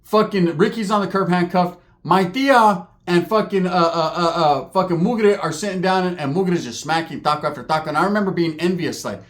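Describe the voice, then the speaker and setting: A man tells a rowdy comic story in a fast, slangy way. His speaking voice sits high. Now and then he breaks into squeaky put-on voices for the people in the story. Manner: rapid slangy delivery, jumps into high squeaky character voices. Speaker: comedic storyteller. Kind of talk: profane comedic storytelling with put-on character voices.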